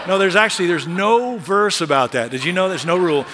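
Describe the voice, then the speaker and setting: A pastor delivers his sermon in a bright, forceful, fairly high male voice, talking to the congregation in a lively, chatty way with joking asides. His voice rings through a large church sanctuary with a long hall reverb. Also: fast, few pauses, slight background noise. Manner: lively, conversational preaching with humorous asides.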